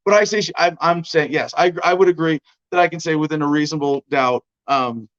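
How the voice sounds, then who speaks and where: A man with a slightly high, fairly bright voice talks a little fast as he hosts a casual livestream. He rambles loosely and hedges along the way, and the stream audio sounds muffled and lo-fi.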